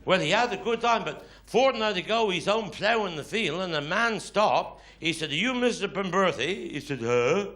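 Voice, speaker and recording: A man's voice: high-pitched, animated, normal speed, hardly any pauses, a bit bright. A Cornish man performing live stand-up comedy, telling dialect stories with grumbling quoted voices. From Cornwall. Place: live stage before an audience. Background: audience laughter.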